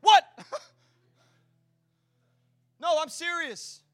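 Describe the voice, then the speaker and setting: A man preaching a sermon as pastor, swinging between hushed, intimate lines and loud, rousing ones, with chatty asides and rhetorical questions. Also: very high-pitched, extremely slow, dry recording, faint music behind.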